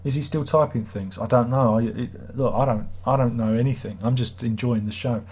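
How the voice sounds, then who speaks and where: A man's voice: mid-range voice, steady tone, fairly quick, a little mellow, slightly rough. A middle-aged British man hosting a livestream, chatting in a rambling, wry, self-mocking way. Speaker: livestream host. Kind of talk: casual livestream chat.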